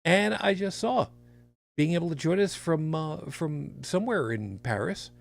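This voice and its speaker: A tired man hosting a podcast, reading jokey horoscopes in a casual, animated way. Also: a little slow, gravelly, dry recording. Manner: animated, jokey delivery with big pitch swings. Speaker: podcast host.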